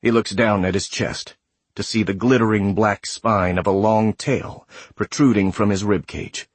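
A man reading a sci-fi horror story aloud in a measured, graphic storytelling manner. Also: lowish voice, fairly even intonation, husky, dry recording. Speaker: narrator. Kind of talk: scripted audiobook narration.

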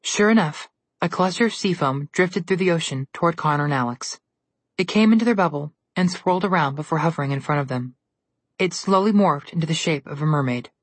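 A woman reads a fantasy storybook aloud at a steady storytelling pace. Her voice is lowish and a little breathy. It is recorded dry and close with no room sound. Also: fairly quick, no echo. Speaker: narrator. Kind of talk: storybook reading.

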